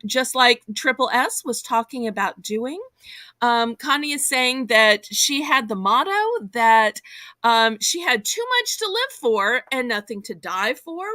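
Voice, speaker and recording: A woman's voice: fairly high pitch, pushed and bright, no echo. A woman from the American South with a Southern accent, hosting a live stream and reading viewer comments aloud in an upbeat way. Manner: upbeat, reads out chat messages. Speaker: host.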